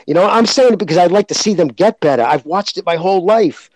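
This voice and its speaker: Male podcast host, raised pitch, dry close sound; blunt, cussing rant style. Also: lively intonation, quick pace, a little mellow, no room sound. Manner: blunt, profane, opinionated ranting. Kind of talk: casual podcast chat.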